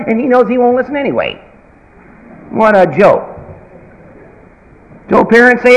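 A man preaching a sermon in an emphatic, folksy manner, swinging from loud bursts to quiet asides. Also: very high voice, very animated, unhurried, pauses often. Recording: reverberant hall.

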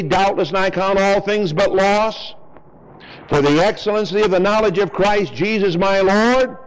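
A man preaching a fiery, blunt sermon in a folksy, mocking way, swinging from shouted highs to low asides. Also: low-quality recording.

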